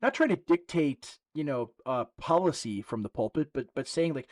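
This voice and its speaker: A man's voice: on the high side, animated, moderate pace. A man in a casual podcast discussion, earnest and full of repeated words and restarts.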